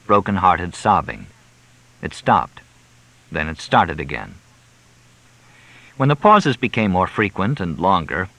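A man narrates a crime novel in a measured, even storytelling voice. His tone sits low but bright and forward, recorded close on a dry studio mic. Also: no room sound, rough recording. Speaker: audiobook narrator.

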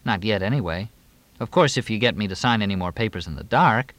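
A man's voice: fairly low pitch, expressive, quick pace, fairly bright tone, dry recording. A man reading an audiobook, voicing a wry, easygoing man in close to his own voice.

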